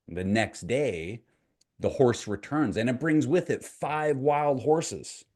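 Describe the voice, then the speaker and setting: A man's voice: medium pitch, expressive, slow, darkish tone. A middle-aged Canadian man, a mindset coach, telling a parable and personal story in a conversational, motivational way to camera. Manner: conversational, asks the viewer questions, retells a parable.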